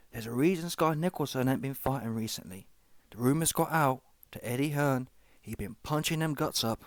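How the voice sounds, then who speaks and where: Brief: male comedy reaction host, slangy rambling commentary, mid pitch, dry close sound. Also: no room sound. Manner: slangy, rambling, keeps asking "yeah?" and "see that one?". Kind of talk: comic commentary.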